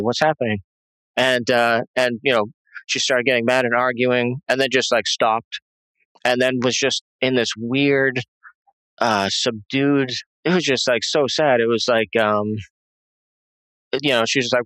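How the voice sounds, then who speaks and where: A man giving a halting, rambling personal testimony as an interview guest, full of fillers and restarts. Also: medium pitch, fairly even intonation, a bit bright, no echo, rough recording.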